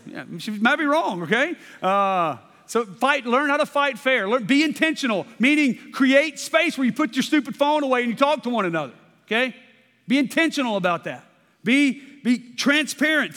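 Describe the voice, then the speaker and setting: A man preaching in a casual, conversational way, forever tagging his points with "okay?" and doubling back on his words. His voice sits high for a man. A long reverb from a big hall trails each phrase. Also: lively intonation, normal speed, fairly bright tone. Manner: conversational, repeats "okay?" often, restarts words. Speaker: pastor. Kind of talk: sermon.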